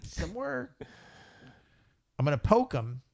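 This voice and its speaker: Relaxed male tabletop player. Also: fairly high pitch, slow, dry recording, studio quality. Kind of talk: casual tabletop chat.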